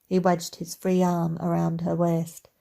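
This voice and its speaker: A woman narrating a romantic comedy audiobook in a wry, even storytelling manner. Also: lowish voice, unhurried, vocal fry.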